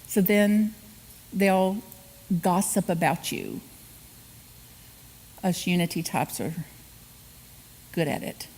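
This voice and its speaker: A woman's voice: lowish voice, slow pace, long pauses, a little mellow. A woman guest speaker giving a humorous spiritual sermon in a church, acting out quotes and laughing often. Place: church sanctuary.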